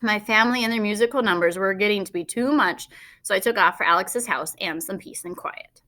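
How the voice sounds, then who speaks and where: A woman reads a children's novel aloud in the first person with a lively, expressive delivery. Her voice is bright and pointed, at a middling pitch. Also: fairly quick. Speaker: audiobook narrator. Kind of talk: first-person storybook narration.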